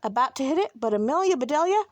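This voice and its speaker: A woman reading a children's picture book aloud in an expressive, animated way. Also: high voice, fast talker, no room sound. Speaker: storybook reader.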